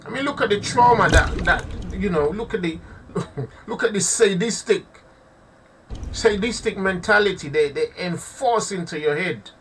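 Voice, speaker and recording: A man's voice: high voice, animated, normal speed, a bit bright, far from the mic, slight background noise. A man giving impassioned live commentary to his audience, preaching and repeating himself, often calling listeners family. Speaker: online preacher.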